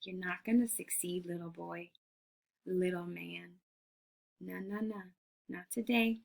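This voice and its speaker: A woman's voice: lowish voice, steady tone, a little slow, gravelly, darkish tone. A woman playing a scornful male taunter. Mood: taunting. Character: mocking male painter taunting a would-be conqueror.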